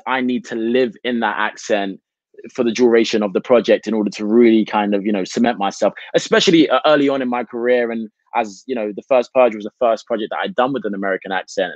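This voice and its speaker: A British man, an actor, talking through his craft at length in a relaxed interview, with frequent "you know" fillers. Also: medium pitch, no room sound, muffled recording. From United Kingdom. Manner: expansive, reflective, many "you know" fillers. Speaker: actor, guest. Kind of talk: casual interview chat.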